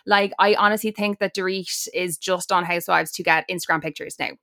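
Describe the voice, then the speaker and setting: A woman's voice: fairly low pitch, fairly even intonation, brisk, creaky, pushed and bright, no room sound, studio quality. An Irish woman in a casual podcast chat, opinionated and chatty, full of "like" fillers. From Ireland.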